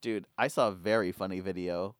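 A young man chatting casually as a podcast co-host, telling stories with lively acted-out quotes. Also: fairly quick, clear, resonant tone, no echo. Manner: animated storyteller, acts out quotes in loud high voices. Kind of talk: casual chat.

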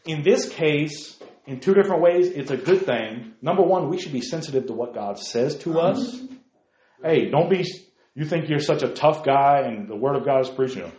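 A man's voice: a little high, expressive, normal speed, a little mellow, reverberant. A man preaching a sermon as pastor, talking in a conversational way and asking the congregation questions.

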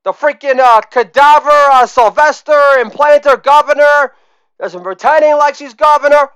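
A middle-aged man hosting a comedy podcast, telling a crude deadpan monologue that swings from low mumbled asides to loud shouted catchphrases. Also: moderate pace, dry recording.

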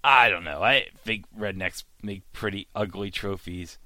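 A man putting on a gruff, brooding young male sea hero with a low grumbling mutter. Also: measured pace, bright, forceful tone, no room sound, heavily acted. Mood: grumbly.

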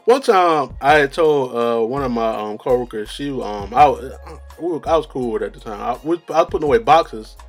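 A man's voice: medium pitch, lively intonation, brisk. Young guy rambling on his vlog, loose slangy chat, faint music in back. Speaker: vlogger. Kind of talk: casual solo chat.

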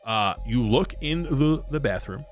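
A man's voice: medium pitch, expressive, measured pace, faint music behind. A man narrating a tabletop role-playing game as game master, playfully voicing the people the players meet. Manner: playful, voices many characters.

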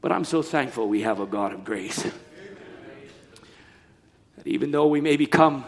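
A man preaching a sermon, telling a story with animated delivery that drops to a hush and then rises, often restarting his words. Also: medium pitch, moderate pace. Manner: animated storytelling, shifting from hushed to loud; repeats and restarts words while recounting a story.

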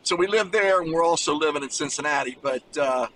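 Older man, phone call from a car, bright voice, far from the mic, faint road noise, lively storyteller. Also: on the high side, brisk. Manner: animated anecdote teller, acts out voices. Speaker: former college basketball player, guest. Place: riding in a moving car.

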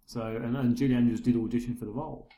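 A man's voice: mid-range voice, fairly even intonation, fast talker, reverberant, crowd noise. A man chatting casually about films as a podcast co-host, rambling and correcting himself often. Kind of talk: casual film chat.

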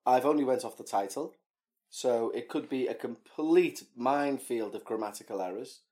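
In a casual podcast chat, the male co-host jokes around and veers into ranting tangents. He speaks at a moderate pace, with a medium pitch and a slightly mellow tone.

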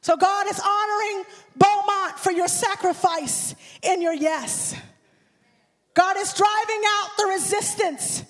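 High-voiced woman preaching in a reverberant hall. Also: takes it slowly. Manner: fervent preaching, rising to shouts and a sung cadence. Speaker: guest preacher. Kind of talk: impassioned sermon. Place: church sanctuary. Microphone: handheld microphone. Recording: long church hall reverb.

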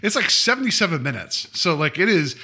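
A man talks up a movie with enthusiasm, stumbling over restarts as he goes. His voice is fairly high and bright, and it rises and falls a lot. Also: big pitch swings, fairly quick, slightly rough. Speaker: podcast co-host. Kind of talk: casual film review chat.

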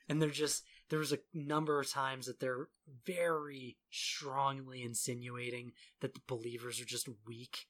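A man's voice: mid-range voice, flat delivery, unhurried, a bit bright. A young man co-hosting a podcast in casual chat, swearing freely, laughing often and restarting his sentences. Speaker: podcast co-host.

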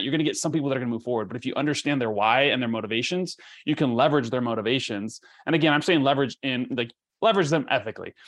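A man hosts a podcast, and his talk comes out fast and loose, full of "like" and "you know". His pitch sits in the middle of the usual range. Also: a bit bright. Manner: fast, filler-heavy, lots of "like". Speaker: podcast host. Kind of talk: casual interview chat.

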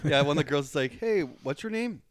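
A man's voice: a little high, lively intonation, a little fast, no echo, studio quality. A man co-hosting a podcast in easygoing casual chat, agreeable and full of fillers. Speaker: podcast co-host.

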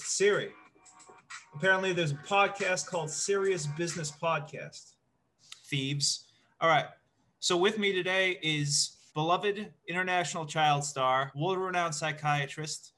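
A man hosting a podcast, asking questions with dry, deadpan jokes. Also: fairly high pitch. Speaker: podcast host. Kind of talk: casual interview chat.

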